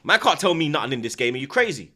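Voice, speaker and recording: A man's voice: fairly high pitch, very animated, quick pace. Brash man ranting. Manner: loud, swaggering, repeats slang tags. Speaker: football watchalong streamer. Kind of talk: casual boastful rant.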